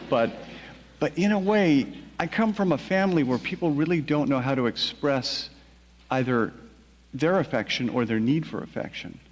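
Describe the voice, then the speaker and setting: A man, a novelist, recounting a personal story in a measured, quiet way with halting restarts. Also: mid-range voice, long reverb tail.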